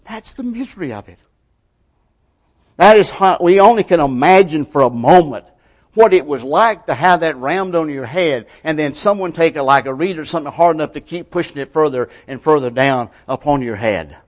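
A man preaching a sermon, his delivery swinging from loud emphatic passages to hushed, almost whispered lines, in plain colloquial grammar. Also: on the high side, expressive, a little fast.

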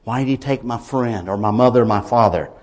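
A man preaching a sermon, emphatic, with swings from quiet lines to loud ones. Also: mid-range voice, brisk.

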